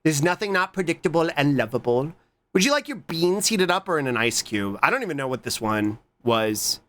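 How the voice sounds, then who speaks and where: A man streaming and chatting casually with his viewers, excitable and swearing often. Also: brisk. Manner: excitable, swears a lot, jumps to squeaky high greetings.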